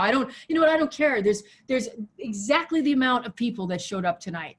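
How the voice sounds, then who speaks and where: A woman pastor preaching a sermon over a video call, swinging from loud, soaring exhortation to a hushed prayer voice. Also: on the high side, animated, fairly quick. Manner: impassioned, rises loud then drops to hushed prayer. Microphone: video call mic.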